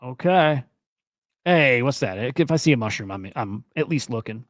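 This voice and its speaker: Expressive and moderately paced, this mid-range male voice belongs to a young crypto and NFT news streamer. His commentary is loose, profane and rambling, growing more heated along the way, and it's captured in clean, dry studio sound.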